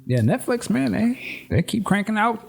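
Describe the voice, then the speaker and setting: A man's voice: high-pitched, creaky. Male co-host, laid-back casual chat, thoughtful. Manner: relaxed, thoughtful, measured opinions with slang. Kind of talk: casual movie review chat.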